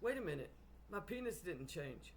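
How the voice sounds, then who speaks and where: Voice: mid-range voice, very animated, normal speed, a little hiss or hum. A storyteller voicing a small, sad, whiny frog.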